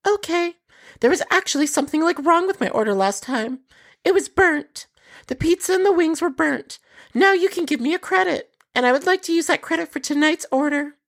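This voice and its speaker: A man's voice: extremely high pitch, expressive, a little fast, gravelly, fairly bright tone, pitched above the performer's own voice, full character voice. A man voicing a brazen, flirty woman customer who schemes for a free pizza in a wheedling, sing-song voice.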